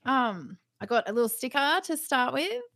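Woman, co-host; raspy fry, dry sound, giggly and crude. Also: sits high, big pitch swings, moderate pace, fairly bright tone, dry recording. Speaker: podcast co-host. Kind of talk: casual chat.

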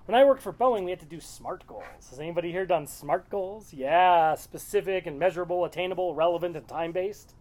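A woman's voice: lowish voice, brisk, hardly any pauses, darkish tone. Woman teaching a casual Bible study. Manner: conversational and digressive, reading verses aloud then explaining.

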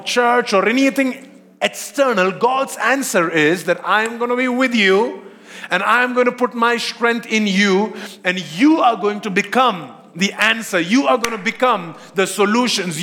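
Guy preaching a sermon, kinda high voice, lots of "right?" and questions to the crowd, big echoey hall. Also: bright, forceful tone. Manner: rhetorical questions, checks in with listeners. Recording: long hall reverb.

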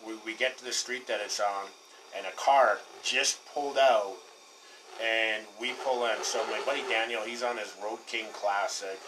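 A man's voice: lowish voice, fairly even intonation, moderate pace. Man rambling through a casual road story. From Colorado, USA. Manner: rambling, laughs often, swears casually. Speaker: podcast co-host. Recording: distant mic, faint background noise.

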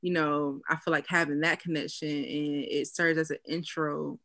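A young woman chatting casually as a guest, relaxed and talkative, acting out quotes in a raised voice. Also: low voice, normal speed, dry recording. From US East Coast. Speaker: brand founder and guest. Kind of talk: casual interview chat.

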